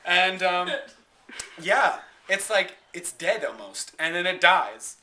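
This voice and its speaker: A man's voice: high voice, very animated, slow, pushed and bright. A man retelling a movie plot in a casual, rambling way, full of fillers, bursting into laughs and acting out the characters' lines. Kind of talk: casual dramatic movie recap.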